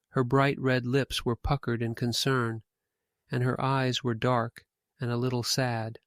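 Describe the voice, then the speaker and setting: Male narrator, ghost story reading; measured, mid-pitched, dry close sound. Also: a bit bright, no room sound.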